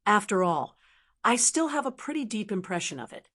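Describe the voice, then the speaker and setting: A woman's voice: medium pitch, very animated, moderate pace, fairly bright tone. A woman voicing a knowing young goddess in an audiobook, speaking in a wry, casual way.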